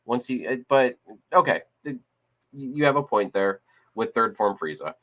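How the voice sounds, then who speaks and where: A man's voice: mid-range voice, lively intonation, normal speed, bright, forceful tone. A man co-hosting a casual discussion podcast, talking in a rambling way with many restarts and fillers. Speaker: podcast co-host. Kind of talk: casual chat.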